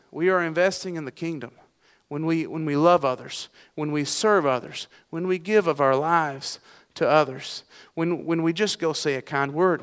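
A man's voice: a little high, clean tone, in a large hall. A middle-aged man preaching a sermon as pastor, folksy and self-deprecating, with frequent restarts.

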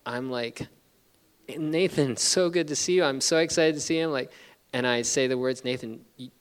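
A man's voice: medium pitch, a bit bright, clear, resonant tone. A middle-aged man preaching a sermon, telling a story earnestly with many restarts. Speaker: pastor. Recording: long reverb of a large hall.

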